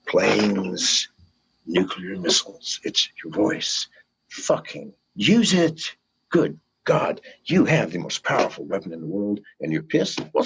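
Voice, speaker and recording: Gravelly older man ranting fiercely. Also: fairly low pitch. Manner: profane, fiery, pleading with listeners. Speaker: interview guest. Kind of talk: impassioned rant in an interview. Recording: dull lo-fi recording.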